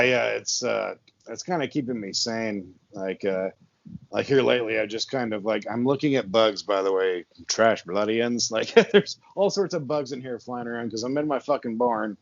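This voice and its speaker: A man's voice: fairly low pitch, moderate pace, gravelly, muffled recording. Rambling man hosting a horror podcast. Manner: rambling, laid-back, lots of fillers and laughs. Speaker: podcast host. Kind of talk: casual chat. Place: his barn with the door open and a fan on.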